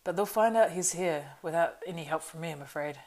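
A woman playing a flustered, loud male innkeeper. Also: low-pitched, fairly quick. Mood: fussing. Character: nervous talkative male innkeeper, stout and fussy. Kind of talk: audiobook reading.

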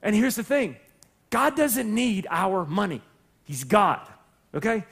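Man, pastor, high voice, animated, jokey, church sermon. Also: takes it slowly, gravelly, slightly rough. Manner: animated, jokey, acts out voices of people and God. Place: church sanctuary.

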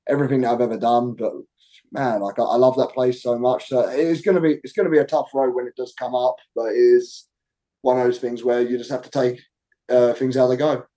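Cockney guy in an interview, mellow voice, rambles with lots of "like"s. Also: mid-range voice, fairly even intonation, fairly quick, low-quality recording. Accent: Cockney English. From England. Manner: rambling, hesitant, full of fillers like "like". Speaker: wrestler being interviewed. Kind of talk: interview conversation.

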